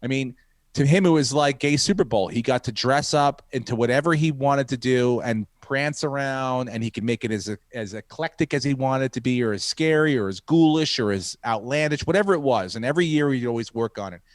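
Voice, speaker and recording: A man's voice: medium pitch, brisk, no room sound. A man hosting a podcast who rambles through a profane story and acts out the quotes. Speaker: podcast host, comedian. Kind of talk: casual storytelling.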